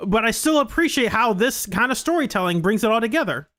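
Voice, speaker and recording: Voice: medium pitch, animated, a bit bright, a little hiss or hum. Casual game commentator reading dialogue. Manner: casual, halting, reactive. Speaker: gaming commentator.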